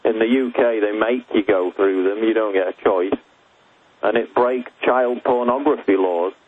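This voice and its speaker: A man with a lowish, husky voice speaks in a measured, explanatory way. He comes through a tinny phone line as a guest on a radio show.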